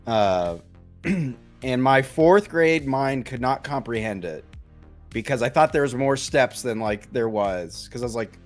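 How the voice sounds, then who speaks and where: A young man in casual podcast chat, rambling through a story with lots of "like" and "um" and restarts. His pitch sits in the middle, and faint music plays underneath. His delivery is loose and unscripted. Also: expressive, measured pace. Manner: rambling, many fillers and restarts. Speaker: podcast co-host.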